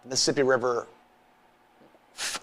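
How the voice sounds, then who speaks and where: A man's voice: medium pitch, level tone, normal speed. A man, co-hosting a casual podcast, rambling and joking and repeating himself as he talks. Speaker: podcast co-host.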